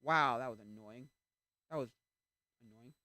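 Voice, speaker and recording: A man's voice: medium pitch, measured pace, dry recording, clean studio sound. A man streaming a game, chatting casually in a rambling way and breaking off to react to play. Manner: rambling, animated, interrupts himself to react to the game. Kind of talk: casual chat while playing.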